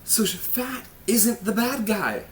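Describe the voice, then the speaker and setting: A man's voice: high-pitched, slow, a bit bright, slight background noise. A man hosting a casual health vlog, talking in an awkward, self-mocking way with rambling, jokey asides. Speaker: host of a health ministry channel.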